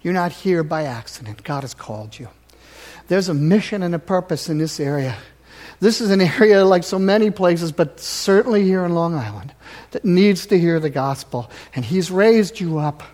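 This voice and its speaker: A high-voiced male pastor preaching in a church sanctuary. He is emphatic, rising to loud exhortation and then dropping to hushed near-whispers. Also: animated, normal speed. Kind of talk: sermon.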